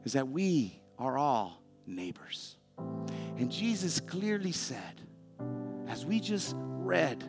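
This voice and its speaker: A male pastor delivering a sermon in an earnest, conversational way, turning to speak straight to the congregation. His voice sits a little high for a man. A soft guitar plays steadily underneath. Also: sing-song, slow pace. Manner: earnest, conversational preaching that addresses the congregation directly. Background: soft guitar music.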